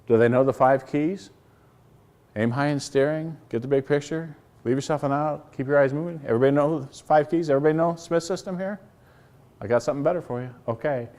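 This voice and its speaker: A middle-aged company CEO gives a live business presentation, his voice on the high side, a little fast and a little mellow. He's blunt and folksy, telling stories with quoted dialogue and tossing rhetorical questions at the audience.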